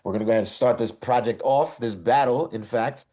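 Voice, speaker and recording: A man's voice: mid-range voice, a little fast, warm tone. A man hosting a hip hop album battle show, chatty and loose, laughing often as he talks to the chat. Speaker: host.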